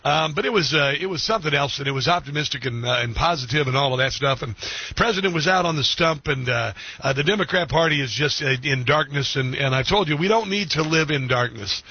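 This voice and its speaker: A middle-aged man hosting a talk radio show, animated and mocking, often laughing. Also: fairly high pitch, a little fast, breathy edge, no room sound. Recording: dull lo-fi broadcast sound.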